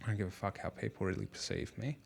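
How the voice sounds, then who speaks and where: Casual podcast host, a young dad, low gravelly voice, rambling and loose. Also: male voice, fast, slight background noise. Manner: rambling, frequent fillers and restarts. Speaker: father.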